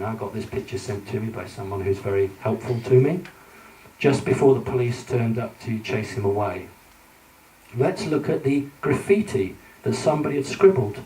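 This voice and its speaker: A man's voice: medium pitch, mellow. A British man giving a conference talk with slides, earnest and warning, with many fillers and restarts. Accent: British English. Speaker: conference speaker. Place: large conference hall. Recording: echoey hall from far off, faint hiss.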